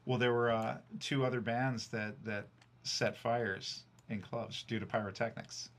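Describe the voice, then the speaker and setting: A man casually telling road stories from his band days, profane and animated, full of fillers. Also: medium pitch, unhurried. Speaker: streamer and band frontman. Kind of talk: casual storytelling chat. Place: recording studio.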